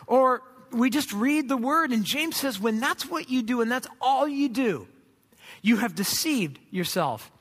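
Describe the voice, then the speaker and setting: A man's voice: very high-pitched, expressive, measured pace, fairly bright tone. A middle-aged man preaching a conversational sermon as pastor, joking and acting out imagined voices. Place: church sanctuary. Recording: long hall reverb.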